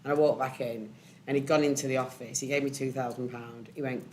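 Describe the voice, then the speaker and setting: A woman on a panel, telling a personal story candidly and emotionally, with many pauses and ums. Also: very deep voice, fairly even intonation, a little hiss or hum. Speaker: panel speaker.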